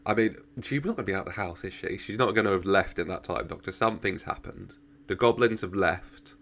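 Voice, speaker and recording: Man, lowish pitch, casual reaction commentary, laughs a lot, talks to the screen. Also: brisk, fairly bright tone. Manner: chatty, laughs often, talks to the characters. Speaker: reaction video host.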